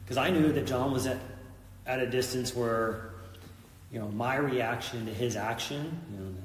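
A man's voice: mid-range voice, unhurried, echoey room, big-room sound, far from the mic, a little hiss or hum. A middle-aged man, a police officer and veteran, telling an intense story in an interview, acting out what people said. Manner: intense retelling, acts out quoted lines.

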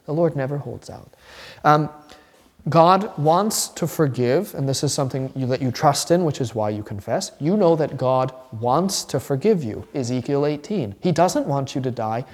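A man gives an informal teaching sermon, talking conversationally and slipping into quick voices for his examples. His voice sits a bit high for a man, and the long reverb of a church hall trails after his words. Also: lively intonation, darkish tone. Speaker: pastor teaching a class.

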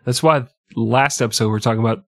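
A man's voice: medium pitch, fast, no room sound. A man in his thirties tells history as a joke-filled podcast host, swearing freely and laughing along the way. His voice sits in a middle range and sounds dry and close. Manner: irreverent, profane, laughs often. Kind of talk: comedic history narration.

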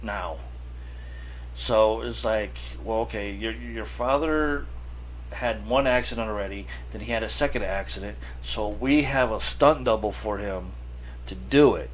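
A man's voice: lowish voice, a little slow. A man co-hosting a casual chat, telling stories and acting out the reactions he quotes, with swearing. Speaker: podcast co-host. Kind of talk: casual chat about horror films.

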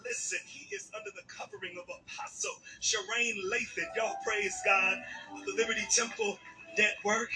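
A man leading a church service, shouting repeated calls for praise before introducing a guest preacher. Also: high voice, fairly even intonation, moderate pace. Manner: call-and-response shouting, repetitive exhortation. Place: church sanctuary. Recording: church service filmed from far, music behind. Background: organ music.

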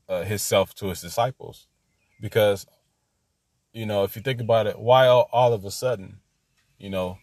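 A man's voice: sits low, no echo, clean studio sound. A man teaching an informal Bible lesson, rambling and repeating himself, laughing at his own asides.

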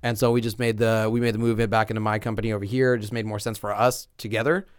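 A man on a podcast as a loan officer guest, casually telling animated, profane stories and acting out the people he quotes. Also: on the low side, quick pace, clean tone. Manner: animated storyteller who acts out quoted people; profane, joking banter.

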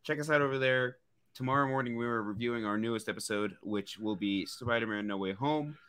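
Bright, enthusiastic male guest. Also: mid-range voice, brisk, clear, resonant tone. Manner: enthusiastic, friendly. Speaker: guest, podcast host. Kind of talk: casual chat, promoting his podcast.

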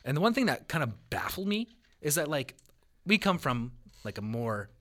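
A man co-hosts a casual podcast, telling stories in a loose, profane style. His pitch swings widely and his tone is bright and forceful. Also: normal speed. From Canada. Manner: profane, animated storyteller. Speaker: podcast co-host. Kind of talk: casual storytelling chat.

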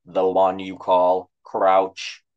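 A man voicing a friendly hipster robot who talks in a slow, flat, mechanical way. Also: deep voice, clean tone, muffled recording, pitched below the performer's own voice. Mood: deadpan.

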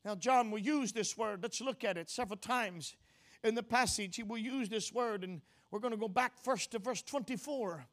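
A man preaching an expository sermon, filling pauses with "uh", correcting himself, and driving points home with repeated phrases. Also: sits high. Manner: frequent "uh" fillers and self-corrections; emphatic repetition, rising to forceful declarations.

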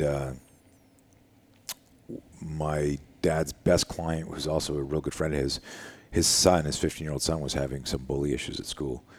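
An older man, a self-defense instructor, telling a story in an interview in a casual, animated way and acting out the dialogue. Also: rumbling low, breathy edge. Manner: animated, acts out quoted dialogue, casual with frequent "dude" and "like".

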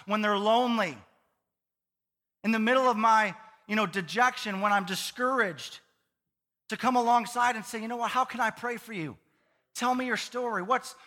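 A male pastor with a high, bright, forceful voice, preaching in a lively, conversational way with playful asides. His voice carries a long reverb through the church sanctuary. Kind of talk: sermon.

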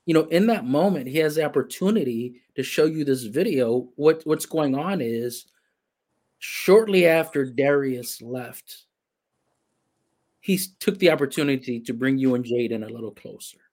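A man hosting a broadcast interview, talking in a reflective, halting way with many restarts. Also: medium pitch, a little mellow. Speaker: host. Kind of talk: interview conversation, livestream.

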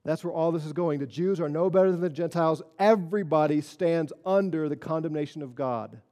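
A man preaching a sermon as pastor, earnest, moving between quiet solemn stretches and emphatic rises. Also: a little high, fairly quick, in a large hall.

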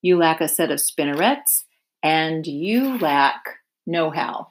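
Woman doing a calm, wise lady spider. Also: deep voice. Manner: calm, measured and instructive. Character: wise, patient female spider.

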